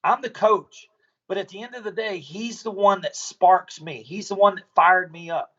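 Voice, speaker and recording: A man's voice: high voice, fairly even intonation, normal speed, fairly bright tone, muffled recording. A man, a business owner, talking bluntly and profanely as a podcast guest, telling stories casually.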